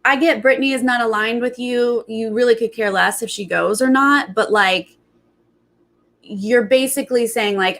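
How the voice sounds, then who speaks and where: A woman's voice: normal speed, fairly bright tone. Chatty woman hosting a TV recap. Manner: chatty, acts out quotes with big pitch jumps. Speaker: reality TV recap host. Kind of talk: casual commentary.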